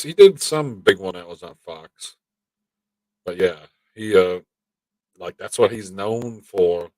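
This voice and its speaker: A man's voice: low-pitched, no room sound, rough recording. A man co-hosting a casual live-stream chat, rambling and swearing freely as he talks. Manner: profane, animated rambling. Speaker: podcast co-host.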